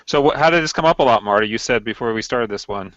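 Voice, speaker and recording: A man's voice: medium pitch, lively intonation, fast talker, fairly bright tone, no echo. A man hosting a casual Bible study on a video call, talking tentatively and guessing his way through. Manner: tentative, guessing, laughs often. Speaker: host of a Bible study hangout. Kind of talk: casual discussion. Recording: dry, muffled video call audio.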